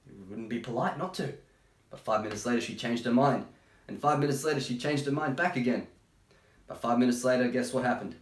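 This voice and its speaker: A man reading a children's picture book aloud, breaking off for chatty, gentle asides. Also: mid-range voice, a little fast. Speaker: storytime reader. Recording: roomy echo.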